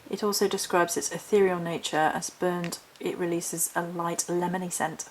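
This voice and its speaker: A woman's voice: lowish voice, flat delivery, moderate pace, slight background noise, low-quality recording. Chatty woman rambling through a haul. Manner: chatty and rambling, reading notes aloud from a book. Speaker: witchcraft vlogger. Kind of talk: casual chat showing a haul.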